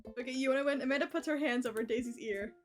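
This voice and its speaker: A young woman streaming a dating game, reading the dialogue aloud, animated, laughing often and swearing at misses. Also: high voice, racing, soft background music.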